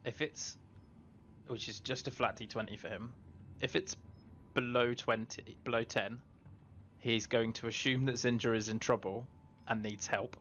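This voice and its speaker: A man's voice: mid-range voice, fairly even intonation, moderate pace, long pauses, fairly bright tone, muffled recording, a little hiss or hum. A man playing in a tabletop role-playing game, talking hesitantly with many fillers and self-corrections as he runs two characters. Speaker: player. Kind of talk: casual tabletop game chat.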